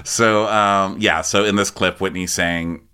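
A man's voice: sits low, steady tone, a little slow, bright, forceful tone, clear, resonant tone. A man co-hosting a podcast, chatting casually in a sarcastic, profane way and laughing often. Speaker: podcast co-host. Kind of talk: casual recap chat.

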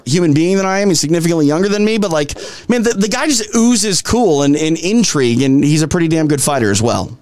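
A man's voice: a little high, animated, fast talker, darkish tone. A man with a Minnesotan accent co-hosting a casual sports podcast, rambling through fillers and restarts. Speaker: podcast co-host.

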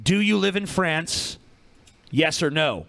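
A man's voice: fairly high pitch, lively intonation, takes it slowly, gravelly, a bit bright, no echo. A man co-hosting a podcast, ranting bluntly and combatively with constant swearing. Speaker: podcast co-host. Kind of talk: profane casual chat.

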